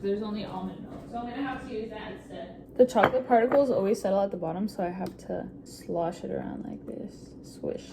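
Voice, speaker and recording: A woman's voice: medium pitch, noisy background. A woman in her twenties talking casually to camera in a chatty, upbeat vlog, giving advice and slipping in Spanish words. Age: 20s. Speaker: vlogger. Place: home kitchen.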